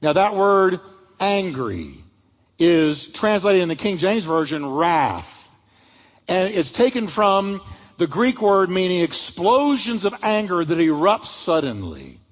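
A man with a high, very animated voice preaches a sermon, swinging up and down as he tells stories and acts out the people in them. He is heard in a church sanctuary with a long, ringing reverb. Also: takes it slowly. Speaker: pastor.

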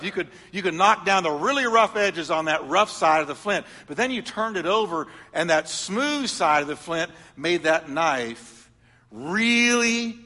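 A middle-aged man preaching a sermon, telling stories and swinging from loud emphatic lines to soft confiding ones. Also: high-pitched, in a large hall. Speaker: pastor.

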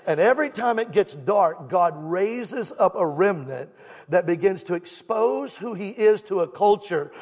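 A man's voice: sits high, lively intonation, a little slow, darkish tone, slightly rough. A man preaching a fervent sermon as a guest evangelist, exhorting the congregation and calling for them to answer back. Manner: fervent, exhorting, calls for crowd response. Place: church sanctuary. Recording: long church hall reverb.

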